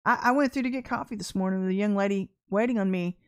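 A woman minister giving a casual prophetic sermon, emphatic and repeating her key phrases, often clearing her throat. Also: mid-range voice, fast talker.

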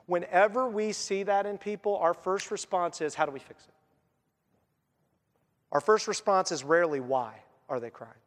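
A man's voice: sits high, normal speed, long reverb tail. A man preaching a sermon as a pastor, earnest, and voicing the people he quotes.

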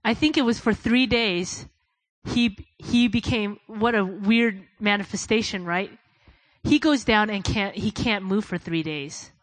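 A woman preaching a sermon, telling stories in a casual way, dropping soft and low for quoted prayers and rising loud when she urges her listeners. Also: unhurried, no echo, poor audio. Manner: addresses listeners as "guys".

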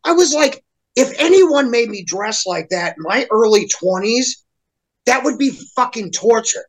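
A man's voice: very high voice, expressive, unhurried, poor audio. Heated, foul-mouthed man ranting. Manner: heated, swearing constantly, mocking voices for others. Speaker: podcast guest. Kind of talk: profane casual rant.

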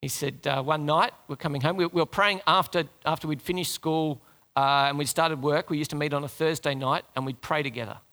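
A man's voice: a little high, steady tone, brisk, pushed and bright. A man preaching a sermon to his congregation in a conversational way, asking them questions and talking to them directly.

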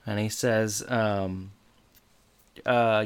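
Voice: medium pitch, steady tone, drawn-out words, clean tone. Chatty podcast co-host, lots of fillers. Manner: chatty, filler-heavy retelling with quoted lines. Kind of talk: casual chat.

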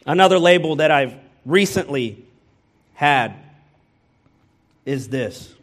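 Speaking slowly with a lively lilt, this Midwestern American man has a slightly high, fairly bright voice. He's a pastor delivering a candid sermon, sharing personal stories and addressing his congregation directly with self-deprecating humor.

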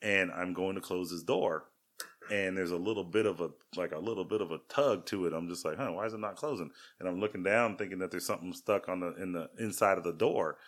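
A man's voice: deep voice, brisk. A man in his thirties, a podcast co-host, telling self-deprecating stories in a rambling casual way with lots of restarts. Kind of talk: casual storytelling chat.

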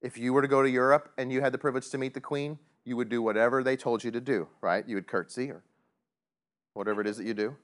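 A man teaching a Bible study in a casual, joking way, chuckling often and asking the class questions. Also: quick pace. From United States. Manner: animated, joking, big pitch swings, chuckles often.

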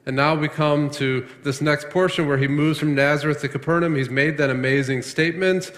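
A man's voice: a little high, fairly even intonation, brisk, fairly bright tone, long reverb tail. A man preaching a sermon as a pastor, emphatic and full of rhetorical questions, often restarting his phrases.

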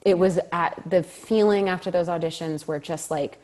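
A woman with a slightly low voice tells a story as an interview guest. She is animated and laughs often, and she acts out the lines of the people she quotes. She speaks as an actor recalling her own experiences. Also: moderate pace, hardly any pauses.

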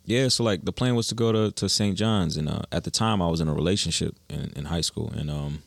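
Laid-back young man, deep voice, slangy stories. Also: a little fast, gravelly, dry recording. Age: young adult. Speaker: guest musician. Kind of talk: casual interview chat.

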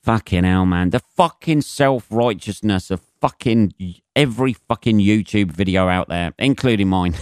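A man's voice: fairly low pitch, moderate pace, darkish tone, no echo, studio quality. Sweary British man ranting. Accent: British English. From Britain. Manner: sweary, rambling, mocks with put-on voices. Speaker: podcast host. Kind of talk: profane solo rant.

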